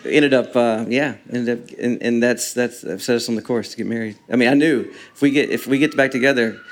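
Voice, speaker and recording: Man guest, casual and halting storyteller who laughs often; average pitch, slight background noise. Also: fairly even intonation. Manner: halting, many restarts, laughs often while talking. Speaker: guest telling a personal story.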